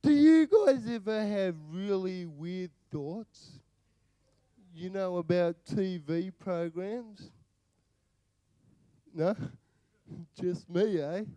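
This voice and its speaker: Slow-talking Australian comedian, high voice. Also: male voice, lively intonation, warm tone, no room sound. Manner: banters with the crowd, slow drawling delivery. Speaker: stand-up comedian. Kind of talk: stand-up comedy set. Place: live venue with audience.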